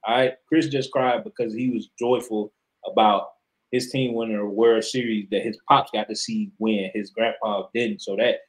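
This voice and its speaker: A man's voice: fairly low pitch, steady tone, normal speed, low-quality recording. A man co-hosting a sports podcast, talking in a casual, emphatic and profane way as he argues his opinion. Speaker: podcast co-host.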